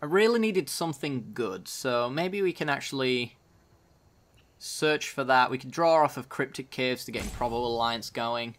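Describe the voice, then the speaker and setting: A man's voice: mid-range voice, expressive, moderate pace, fairly bright tone. A man casually commenting on his own card game as he plays, thinking aloud about each move. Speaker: gaming channel host.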